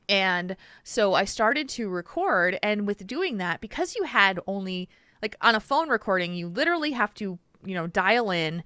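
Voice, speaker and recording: A woman co-hosting a casual podcast, telling stories in an animated way. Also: lowish voice, clean tone, no echo. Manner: animated storyteller, laughs often, slips into silly voices. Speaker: podcast co-host.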